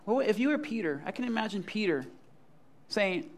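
A man's voice: sits high, normal speed. A man preaching a sermon, reading scripture and acting out the scenes in casual, playful voices. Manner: animated, acts out Bible scenes in casual voices, laughs often.

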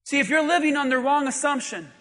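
A man preaching a sermon in an emphatic, often shouting manner, calling out to the congregation. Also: very high-pitched, expressive, fast talker, big-room sound. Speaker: pastor.

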